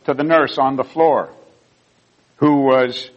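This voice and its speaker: A man's voice: mid-range voice, fairly even intonation, takes it slowly, muffled recording. An older man, a pastor, telling personal stories in a sermon in an earnest, heartfelt way. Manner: earnest storytelling, rising emotion at key moments.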